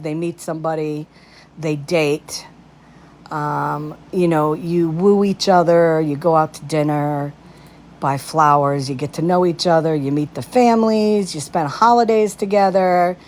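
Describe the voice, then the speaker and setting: A woman's voice: low-pitched, measured pace, darkish tone. A woman ranting in casual commentary on a phone livestream, indignant and piling up rhetorical questions.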